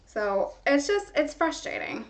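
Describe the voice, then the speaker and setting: A woman's voice: high-pitched, sing-song, measured pace. A young woman hosting a podcast, ranting in casual chat, frustrated and swearing freely with lots of "like". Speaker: podcast host. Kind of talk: casual venting monologue.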